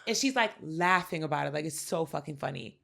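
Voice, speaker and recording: A woman co-hosting a podcast, telling pop culture stories in a casual, animated way and acting out the quotes. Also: sits low, a little fast, vocal fry. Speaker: podcast co-host. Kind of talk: casual chat.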